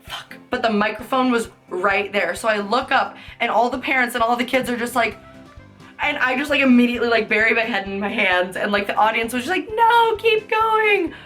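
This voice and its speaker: A woman's voice: fairly high pitch, fairly even intonation, a little fast, a bit bright, soft background music. A young adult woman vlogger telling embarrassing stories in a casual, chatty way, full of "like" fillers and swearing, often laughing. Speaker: beauty vlogger. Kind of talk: casual storytelling.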